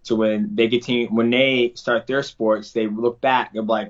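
A man's voice: medium pitch, fairly even intonation, normal speed, few pauses, highs cut off. A man answering interview questions in a casual, earnest way, often restarting his sentences. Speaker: interview guest, fighter.

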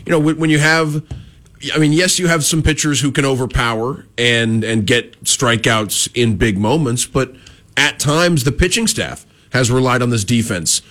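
Radio co-host dude, stumbly long questions, mid-pitch voice. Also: male voice, normal speed, a bit bright. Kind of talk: sports talk radio.

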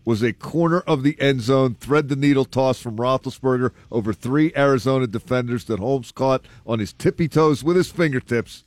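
A man hosts a casual sports talk show, reading through a ranked list and breaking in with his own thoughts. He sounds conversational, thinking aloud with a few "uh" fillers, in a mid-range voice at normal speed with hardly any pauses, in a dry recording.

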